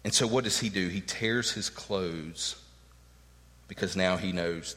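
A man's voice: low voice, a little slow, bright, forceful tone, in a large hall. A man preaching a sermon, emphatic and earnest, acting out the words of the people in his text. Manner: emphatic preaching, acts out quoted lines. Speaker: pastor.

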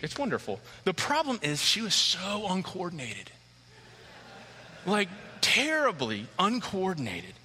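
Animated pastor man, bright sharp voice. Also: fairly high pitch. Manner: animated storyteller who acts out scenes. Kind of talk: sermon with a personal story. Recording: long hall reverb.

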